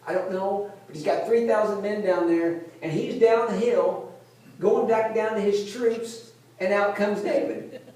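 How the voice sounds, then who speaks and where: A male pastor preaching a conversational sermon, retelling a Bible story like a lively storyteller who keeps checking in with his listeners. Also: high voice, a little slow. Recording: very echoey room, voice from a distance.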